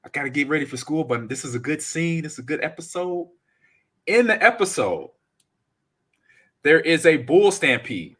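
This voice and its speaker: A man hosting a casual gaming podcast, reading out chat comments and telling lively stories. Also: a little high, normal speed, long pauses, slightly rough. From United States. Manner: animated storyteller, reads chat comments aloud. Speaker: podcast host.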